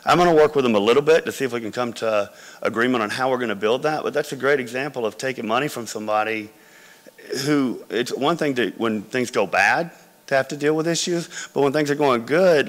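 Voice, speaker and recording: A man's voice: medium pitch, fast, a bit bright. A man, a company founder, giving a conversational business talk full of anecdotes to MBA students, with hall reverb around him.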